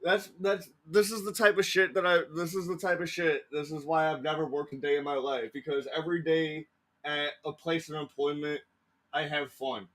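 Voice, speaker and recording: A man's voice: a little high, little pitch movement, moderate pace, a bit bright, rough recording. A man co-hosting a podcast, swearing a lot and laughing often while he tells loose workplace stories. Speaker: podcast co-host. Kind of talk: casual crude banter.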